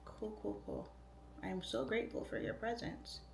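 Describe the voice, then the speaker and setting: A woman's voice: mid-range voice, fairly even intonation, moderate pace, gravelly, echoey room. A woman in her thirties chatting casually on a livestream, reading comments aloud, goofy and easily distracted. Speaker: livestream host and real estate agent. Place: home.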